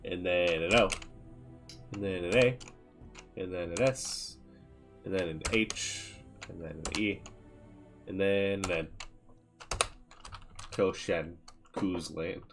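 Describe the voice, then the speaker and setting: A man's voice: sits low, takes it slowly, long pauses, music in the background. A man streaming a game, talking casually to himself and reading out menu text as he builds a character. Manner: muses aloud, reads out menu text. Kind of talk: casual gameplay commentary.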